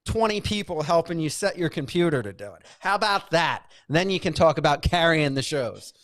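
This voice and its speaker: High voiced sarcastic co-host guy, lively pitch, dry close sound. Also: brisk, no room sound. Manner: sarcastic, laughing, complaining. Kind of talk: casual comedy radio banter.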